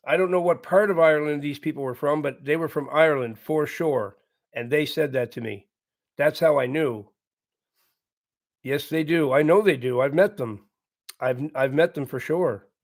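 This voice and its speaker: A man hosting a live stream, reading viewer comments aloud and answering them in an earnest, repetitive, casual way with frequent chuckles. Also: on the high side. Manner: earnest, repeats himself, chuckles often. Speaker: livestream host reading chat.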